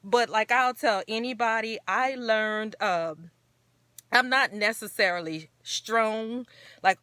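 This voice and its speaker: A woman's voice: fairly high pitch, takes it slowly, sharp tone, no echo, studio quality. A woman hosting her own talk show, speaking earnestly and encouragingly in a rambling, casual way. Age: adult parent. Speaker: show host.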